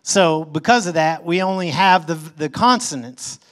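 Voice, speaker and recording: At a normal speed, a man serving as pastor reads from scripture in his sermon and explains it conversationally. Emphatic rises and falls in pitch and loudness mark his delivery.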